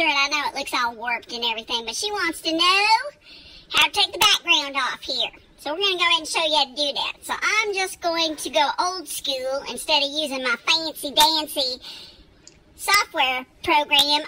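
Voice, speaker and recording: A woman's voice: high-pitched, sharp tone, a little hiss or hum. A Texan woman hosting a casual screen-share tutorial, folksy and chatty, laughing easily as she walks through each step. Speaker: host giving a software tutorial.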